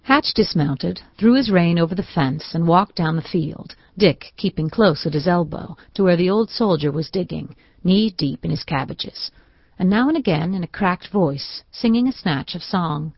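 A woman narrating a classic novel in a measured, even reading. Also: on the low side, breathy edge, no room sound. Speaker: audiobook narrator. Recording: dull, dry studio recording.

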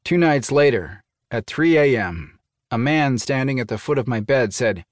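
A man's voice: medium pitch, expressive, normal speed, no room sound. Man narrating a thriller, dry studio sound. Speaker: audiobook narrator. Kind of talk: scripted first-person audiobook narration.

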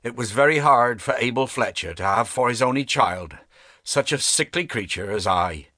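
This scripted audiobook features a male narrator reading an unabridged classic novel with measured expressiveness. His mid-range voice is captured dry and close in a studio, without any room sound.

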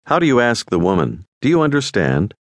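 A man narrating a scripted audio language lesson, giving clear, patient instructions. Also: on the low side, huge pitch swings, brisk, no echo.

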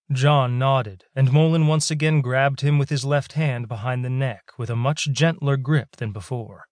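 A man narrating a science fiction audiobook in a steady, measured way. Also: medium pitch, no echo, studio quality. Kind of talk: scripted sci-fi narration.

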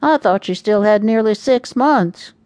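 A woman doing an excitable, wisecracking grown son. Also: medium pitch, unhurried, no room sound, natural voice. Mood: frazzled.

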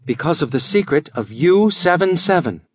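A man doing Vic, a brisk dashing scientist. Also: fairly high pitch, animated, breathy edge, dry recording, clean studio sound, pitched above the performer's own voice. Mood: assured. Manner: brisk, reassuring and commanding. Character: dashing confident young male scientist, calm leader.

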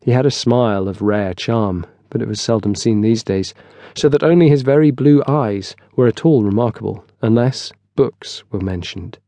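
A man narrating a historical novel in a steady, scripted storytelling style, close on a studio mic. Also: on the low side, moderate pace, dry recording. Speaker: audiobook narrator.

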